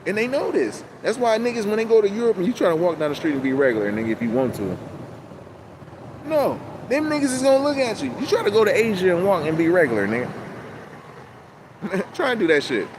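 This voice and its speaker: A man talking to camera in a casual, rambling monologue, animated and full of profane street slang, outdoors. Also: high voice, quick pace. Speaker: channel host. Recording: loud outdoor traffic noise.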